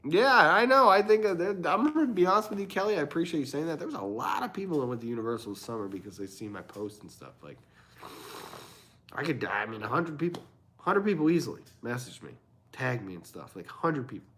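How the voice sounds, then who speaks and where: A man's voice: fairly high pitch, very animated, fast, pushed and bright. Rambling, chuckling male livestream host. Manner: rambling, laughs often, acts out conversations. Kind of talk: casual livestream chat.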